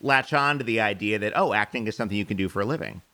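A man from New York who hosts an interview, asking quick follow-up questions and joking with his guest. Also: on the low side, bright, forceful tone. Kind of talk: casual interview.

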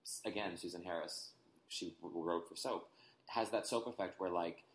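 A man with a very low voice talks casually, explaining details at length with plenty of fillers. The sound is roomy and echoey, with a faint hiss underneath. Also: moderate pace. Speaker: podcast co-host. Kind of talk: casual chat. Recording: echoey room with faint noise.

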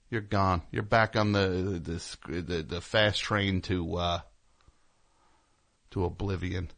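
A man's voice: low-pitched, gravelly. A man hosting a show, telling a rambling, sarcastic, indignant story as a comedic rant. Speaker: host.

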